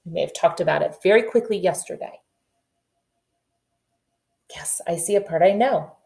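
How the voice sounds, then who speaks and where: A woman teaching a phonics lesson to children over video, sounding out letters and reading a nursery rhyme slowly and deliberately. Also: lowish voice, vocal fry, mellow. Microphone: camera facing the teacher.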